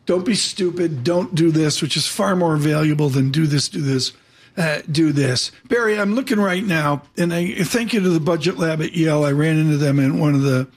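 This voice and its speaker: A man hosting a live financial news show, chatty and jumping quickly between topics. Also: on the high side. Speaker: radio and TV markets host.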